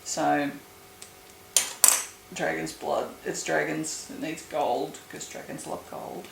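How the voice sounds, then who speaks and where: A woman's voice: sits low, little pitch movement, slow, vocal fry. A woman making soap at home, chatting casually and groaning and swearing in disgust at a smell. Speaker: soap maker. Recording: echoey room with noise.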